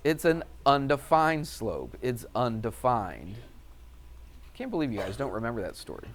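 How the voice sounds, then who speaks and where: A man's voice: medium pitch, sing-song, moderate pace. Chatty male math teacher. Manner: chatty, storytelling, asks class questions. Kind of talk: classroom lecture with anecdote.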